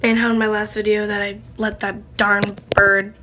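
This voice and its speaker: A young woman, likely a teen, talking in a casual vlog, rambling and halting with many fillers, tearful with a stuffy nose. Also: medium pitch, level tone, sharp tone, slight background noise. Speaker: channel host.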